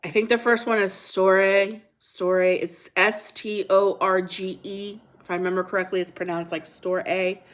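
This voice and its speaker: A woman's voice: medium pitch, flat delivery, unhurried, few pauses. Middle-aged woman, livestream host, casual devotional chat, chatty, reads comments and scripture aloud, repeats herself. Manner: unsure on pronunciations, repeats herself.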